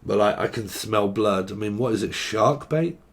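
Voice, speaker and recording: A man's voice: fairly low pitch, moderate pace. Rambling English man reading tarot. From England. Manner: rambling, swearing, free-associating. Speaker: tarot reader.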